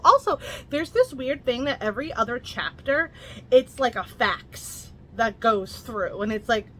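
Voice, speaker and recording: A woman reviewing books in a casual vlog. She speaks candidly, swears freely, and retells the plot in a lively way, slipping into quoted lines. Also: a little high, a little hiss or hum. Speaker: book reviewer.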